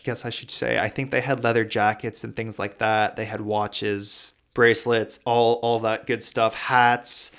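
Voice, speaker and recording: A man talks through a travel vlog in a relaxed, chatty way, his voice smooth and resonant. He sits at a middle pitch for a man and now and then slows down to spell out a name. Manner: chatty and relaxed, spells out place names letter by letter. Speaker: travel vlogger. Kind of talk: casual travel vlog narration.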